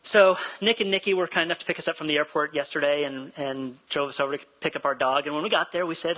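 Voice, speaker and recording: A man's voice: fairly high pitch, fast talker, sharp tone, rough recording. A man preaching a sermon, telling a personal story in a chatty, self-deprecating way and laughing easily. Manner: acts out quoted dialogue. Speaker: pastor.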